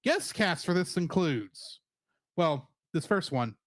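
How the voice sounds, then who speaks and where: A man's voice: on the high side, very animated, slow, dry recording. A man co-hosting a podcast, chatting casually and animatedly, laughing often as he rattles off trivia. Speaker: podcast co-host. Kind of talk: casual review chat.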